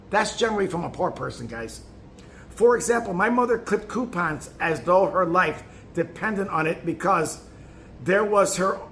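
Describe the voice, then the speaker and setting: High-voiced man reading a self-help booklet. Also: fairly bright tone, a little hiss or hum. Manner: emphatic, with occasional stumbles and restarts. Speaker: narrator.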